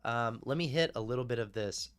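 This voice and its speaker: A male streamer talking off the cuff to his live chat, rambling and swearing as he drifts between thoughts. His voice sits at an ordinary middle pitch for a man. Faint music plays underneath him. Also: fairly quick, smooth.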